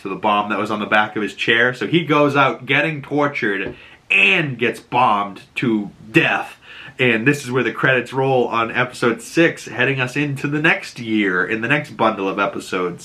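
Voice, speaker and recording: Dude excitedly recapping episodes, cursing, acting out the lines, bright tense voice, mid pitch. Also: male voice. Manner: excited, profane, animated retelling with acted-out quotes. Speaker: host of a TV series breakdown channel. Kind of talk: casual episode recap and commentary.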